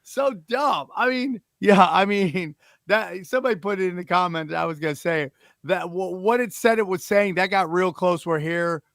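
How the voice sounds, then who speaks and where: A man's voice: high voice, normal speed, gravelly, a bit bright, no room sound, clean studio sound. A man hosting a comedy podcast, joking and riffing casually. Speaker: podcast host.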